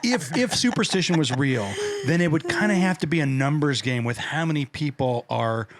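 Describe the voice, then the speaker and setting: A man's voice: a little high, expressive, normal speed. A man hosting a podcast, talking casually in a rambling way with lots of filler words. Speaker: podcast host. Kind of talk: casual chat and show intro.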